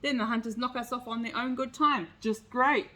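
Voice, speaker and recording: A woman's voice: on the high side, steady tone, normal speed, pushed and bright. A woman doing a sneering storybook fox. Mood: sarcastic. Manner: mocking, sarcastic.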